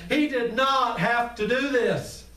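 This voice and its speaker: A man with a very high voice preaches a fervent sermon and calls straight out to his congregation. The sound is roomy and echoey, picked up from a distance in a church. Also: slow, pushed and bright. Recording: echoey room, mic at a distance.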